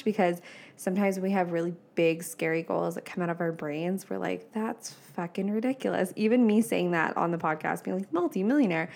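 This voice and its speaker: A woman's voice: on the low side, a little mellow. A woman in her twenties hosting a casual solo podcast, chatty and laughing often, with lots of "like" fillers. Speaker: podcast host.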